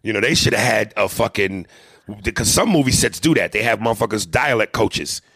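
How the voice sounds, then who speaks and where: A man co-hosting a casual chat, talking animatedly and profanely and slipping into quick impressions. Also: on the low side, expressive, a bit bright, slightly rough, no room sound, clean studio sound. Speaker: podcast co-host. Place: hotel room.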